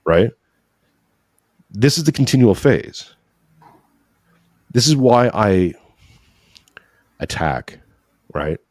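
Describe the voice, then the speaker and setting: A man's voice: deep voice, darkish tone, dry recording, clean studio sound. A man talking earnestly and in a preachy way about faith in a podcast conversation, often adding "right?" to his points. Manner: emotional at times. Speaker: podcast guest. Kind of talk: conversational religious discussion.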